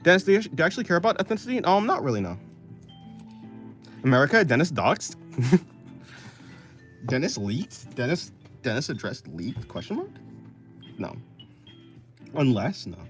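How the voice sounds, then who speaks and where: A man chatting casually on a live stream, answering chat in a rambling, self-correcting, offhand way and laughing often. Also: mid-range voice. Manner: offhand, apathetic.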